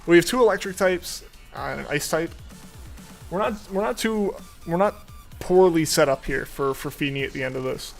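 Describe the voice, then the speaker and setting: A man's voice: fairly high pitch, normal speed, gravelly. Rambling young man chatting over game music. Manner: rambling, with many fillers and restarts. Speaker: streamer. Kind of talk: casual chat while gaming.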